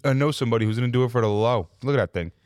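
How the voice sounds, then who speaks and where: A man's voice: mid-range voice, racing, a little mellow, clear, resonant tone, no echo, clean studio sound. A man co-hosting a casual podcast, brash and boastful, swearing freely as he argues his point. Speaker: podcast co-host. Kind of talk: casual banter.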